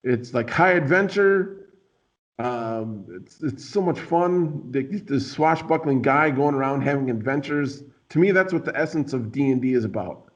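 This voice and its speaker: Playful rambling male host, mid pitch, dull lo-fi recording. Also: expressive, normal speed. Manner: rambling, filler-heavy, playful. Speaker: podcast host. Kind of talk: casual chat. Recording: dull lo-fi sound.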